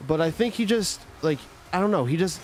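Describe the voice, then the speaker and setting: A man's voice: high voice, animated, fairly quick, soft background music. A young man streaming a game and chatting casually, rambling with many restarts and filler words. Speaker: gaming streamer. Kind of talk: casual chat while playing a game.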